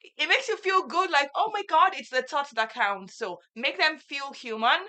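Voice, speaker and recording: A young woman co-hosting a casual talk show, playful and quick to laugh. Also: high-pitched, animated, bright, forceful tone. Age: young adult. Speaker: co-host.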